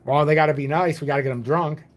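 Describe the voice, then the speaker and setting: A man's voice: fairly high pitch, steady tone, quick pace. A man in his forties hosting a casual crypto livestream, rambling and joking at his own expense. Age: 40s. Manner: rambling, jokey, self-deprecating. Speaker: crypto channel host.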